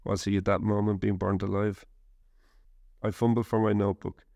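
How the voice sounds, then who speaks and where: A man narrating a first-person war memoir in a measured, steady reading. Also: on the low side, vocal fry, no echo, clean studio sound.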